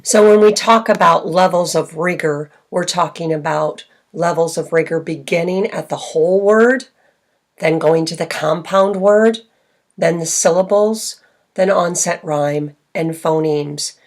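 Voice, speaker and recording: A woman literacy consultant giving a recorded teaching presentation, speaking clearly and slowly stretching out example words for listeners. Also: fairly low pitch. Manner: clear instructional delivery, slow modeled words.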